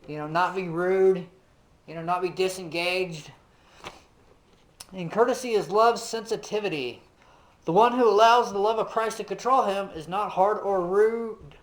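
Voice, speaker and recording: A man's voice: high voice, rough recording. A man teaching a casual Bible lesson, talking conversationally with lots of "you know" and putting questions straight to his listeners. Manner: asks the listeners direct questions.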